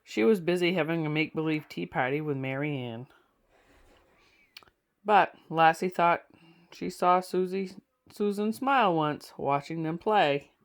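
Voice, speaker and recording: Woman storyteller, low pitch, reads an old children's book aloud with chatty asides. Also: measured pace. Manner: warm, chatty asides between passages. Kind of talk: reading aloud to listeners.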